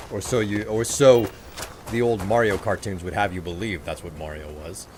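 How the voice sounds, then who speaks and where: A man's voice: sits low, fairly even intonation, normal speed, a little mellow, a little hiss or hum. A man streaming a game, giving casual, sarcastic commentary and poking fun at himself. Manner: sarcastic, joking, self-mocking.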